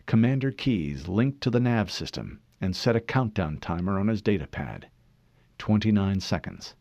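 A man reading a novel aloud in measured, expressive scripted narration. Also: fairly low pitch, no echo, muffled recording. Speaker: audiobook narrator.

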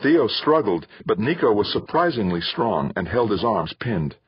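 Deep husky male audiobook narrator. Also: very animated, no room sound. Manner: measured storytelling. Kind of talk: scripted narration. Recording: dull lo-fi audiobook recording.

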